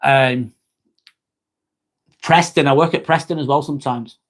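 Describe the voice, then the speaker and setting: A man's voice: mid-range voice, fairly even intonation, measured pace. A man, chatting bluntly and casually with viewers on a livestream, full of "um" and "mate". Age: 40s. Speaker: livestream host and nurse.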